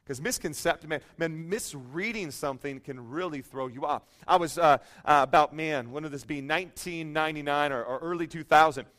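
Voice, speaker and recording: A man's voice: on the high side, a little fast, few pauses, a bit bright. A middle-aged male pastor telling a humorous, self-deprecating story in a sermon, chatty and full of fillers.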